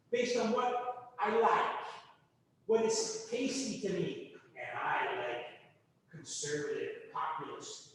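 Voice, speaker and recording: A man in his sixties giving a lecture over a video class, animated and asking the students rhetorical questions. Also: extremely high pitch, a little hiss or hum. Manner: animated, mock-outraged asides, rhetorical questions. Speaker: teacher. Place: home room on a video class. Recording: echoey distant video-call audio.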